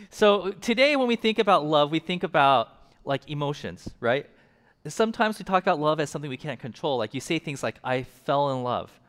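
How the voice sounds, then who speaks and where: A man in the pulpit gives a relaxed, humorous sermon to a congregation. His voice sits a little high for a man and rings out with a long hall reverb. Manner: casual, joking, engages the audience. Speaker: pastor.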